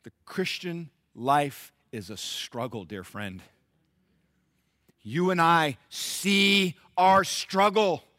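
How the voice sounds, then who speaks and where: A middle-aged man preaching a sermon to his church, rising to loud emphatic peaks and dropping to hushed, intimate asides. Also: on the high side, no echo, studio quality. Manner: acts out biblical characters in quick voices. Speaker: pastor.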